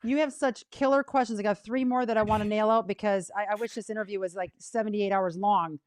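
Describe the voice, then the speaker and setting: A woman hosting an interview, enthusiastic and warmly affirming of her guest. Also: mid-range voice, steady tone, fast talker, clean tone, no echo. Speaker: host.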